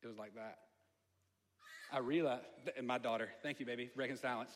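A man's voice: mid-range voice, fairly even intonation, fairly quick, slight background noise. A man with a Southern accent, preaching a storytelling sermon in a conversational way, with asides to the audience. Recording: long hall reverb.

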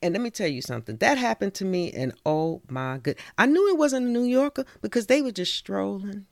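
A woman's voice: mid-range voice, expressive, a little fast, creaky, hardly any pauses, a little mellow, dry recording. A woman from New York with a New York accent, reciting a spoken-word poem and then chatting casually, laughing often and saying "you know" a lot. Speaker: spoken-word poet and storyteller.

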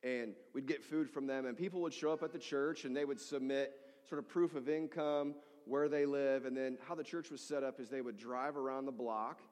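Animated pastor preaching in a reverberant hall. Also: male voice, medium pitch, moderate pace, few pauses. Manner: animated storytelling, acting out voices of people in his story. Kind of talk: sermon.

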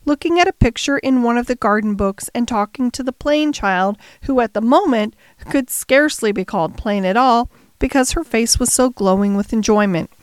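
A woman's voice: fairly high pitch, smooth, dry recording. Dry, close woman audiobook narrator. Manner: measured storytelling. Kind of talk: scripted narration.

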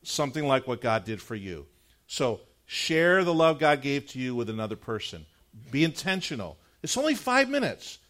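A middle-aged male pastor preaching a sermon, telling a personal story in an animated, conversational way before leading into prayer. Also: mid-range voice. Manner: earnest, measured prayer closing the sermon.

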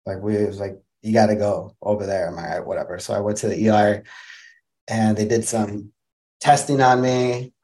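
A man's voice: lowish voice, fairly even intonation, a little fast, dark tone. A young man from Wisconsin, a podcast guest, tells a personal story in a casual, rambling way, full of restarts. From Wisconsin, USA.

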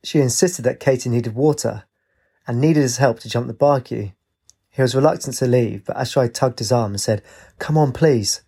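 A man, reading a story aloud as narrator in a steady, even way. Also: mid-range voice, normal speed, creaky, slightly rough.

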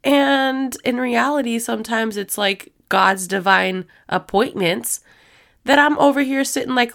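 A woman's voice: on the high side, a little slow, gravelly, fairly bright tone. A woman hosting a faith-based podcast, talking in a chatty, rambling way and acting out little quoted voices as she goes. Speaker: podcast host.

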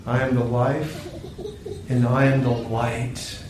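A man voicing a gentle talking Christ candle, soft and reassuring. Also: medium pitch, fairly even intonation, very slow, noisy background. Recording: very echoey room, distant mic.

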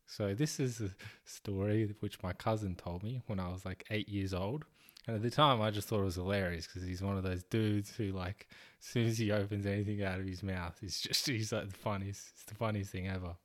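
Laid-back podcast guy with a lowish voice, rambling through a story, swears a lot. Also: steady tone, a little fast. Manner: self-deprecating, swears casually. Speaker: podcast host. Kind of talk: casual storytelling monologue.

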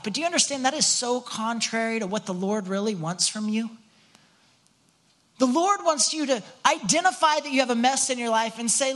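A man's voice: extremely high pitch, moderate pace, a bit bright. Man, pastor, conversational sermon, earnest, rhetorical questions, frequent restarts, church. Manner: earnest, talks straight to the congregation with rhetorical questions; frequent restarts and repeated words. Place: church on a Sunday morning.

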